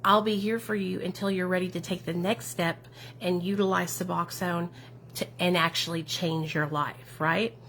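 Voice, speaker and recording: Encouraging low-voiced woman livestreaming. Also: steady tone, moderate pace, fairly bright tone, slight background noise. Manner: affirming and encouraging, many tag questions. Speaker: addiction recovery advocate and streamer. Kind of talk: casual livestream chat answering viewer comments.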